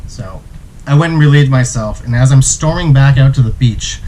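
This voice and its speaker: A man's voice: mid-range voice, a little fast, a little hiss or hum, low-quality recording. Male travel vlogger, mid voice, laid-back storyteller. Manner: relaxed, acts out quotes. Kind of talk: casual storytelling.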